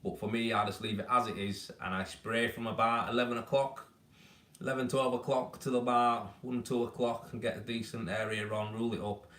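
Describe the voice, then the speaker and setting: A fairly quick, fairly bright medium-pitched voice with a steady tone belongs to a Yorkshire man chatting casually to his stream viewers about rendering. He's easygoing and matey and wanders off topic, and his mic sits far off in a room with noticeable echo.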